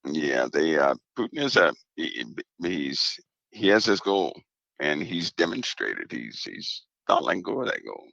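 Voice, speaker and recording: Super deep gravelly guy, slow and emphatic, kinda dull lo-fi sound, dry. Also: very animated, bright, forceful tone, no echo. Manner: measured, emphatic repetition. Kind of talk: casual conversation.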